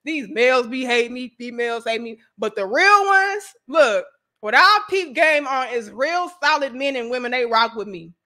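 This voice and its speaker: Woman host, St. Louis accent, high bright voice, animated and profane livestream talker. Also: normal speed. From St. Louis, USA. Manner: animated, profane, laughs often, riffs on viewer comments. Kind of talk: livestream commentary to viewers.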